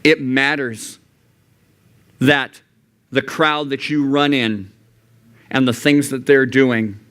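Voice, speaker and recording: A young adult man giving an earnest youth sermon in a church youth room, often jumping into high, animated voices when quoting God and himself. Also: slow, clear, resonant tone. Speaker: youth pastor.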